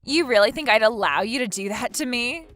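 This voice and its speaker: A woman's voice: fairly high pitch, expressive, brisk, fairly bright tone, no room sound. A woman voicing Brandy, gloating husband-stealer. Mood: spiteful. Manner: taunting, gloating, laughs mockingly. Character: smug scheming woman who stole her friend's husband. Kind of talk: text message story dialogue.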